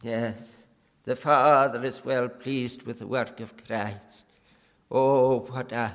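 Male preacher, earnest pleading sermon delivery, unhurried, long reverb from a church hall. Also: mid-range voice.

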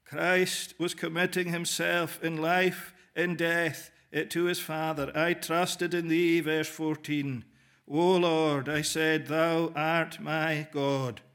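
A man preaching a sermon in measured phrases with frequent pauses, speaking directly to the listeners as "dear friend". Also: on the high side, fairly bright tone.

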